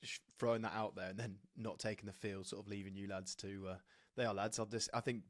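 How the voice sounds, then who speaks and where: An English former rugby player in his thirties hosts a rugby podcast, chatting casually and matily with his guest, whom he calls "mate". His voice is lowish and flat, his pace quick, and the recording is studio quality with no echo.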